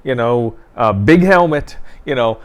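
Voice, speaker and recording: A man's voice: mid-range voice, lively intonation, measured pace, clean tone. A man co-hosting a local newspaper talk show, telling stories in a chatty way and laughing often. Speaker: newspaper co-host. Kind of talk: casual chat.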